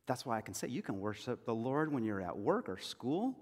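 A man's voice: medium pitch, very animated, brisk, darkish tone. A man preaching a sermon as pastor, talking in a loose, conversational storytelling way with asides and repeated phrases. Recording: long hall reverb.

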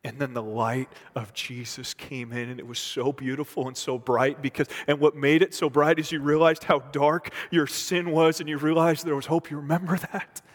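A high-pitched male pastor delivers a sermon in a church, with a long hall reverb trailing each phrase. He moves from loud, emphatic lines to quiet, nearly whispered ones, then builds back up. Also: fairly even intonation, moderate pace, hardly any pauses. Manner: swings between loud emphasis and hushed, near-whispered lines.

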